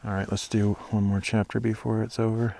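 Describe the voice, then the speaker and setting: Outdoors at sunset, a young man who hikes and reads the Bible muses aloud about scripture, full of fillers and restarts, before reading a chapter aloud. His voice is lowish, warm, and creaky, fairly quick, with little pitch movement.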